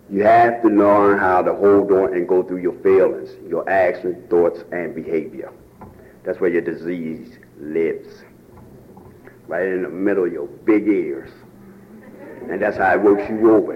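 A man with a Baltimore accent speaking at a recovery meeting, preaching about hope and rising to shouts near tears. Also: deep voice, steady tone, normal speed, muffled recording, a little hiss or hum. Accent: African American Vernacular English, Baltimore. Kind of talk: impassioned testimony. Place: meeting room.

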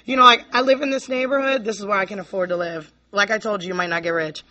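A woman's voice: mid-range voice, fairly even intonation, quick pace, sharp tone, highs cut off. A woman from Virginia giving a candid, rambling personal recovery share to a convention audience, full of "you know, like" and drifting between laughter and near tears. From Virginia, USA.

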